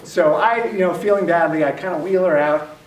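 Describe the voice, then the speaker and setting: A man telling a personal story to a live workshop audience, animated and self-mocking. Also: on the high side, a little fast. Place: library workshop room. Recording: echoey room, distant mic, faint noise.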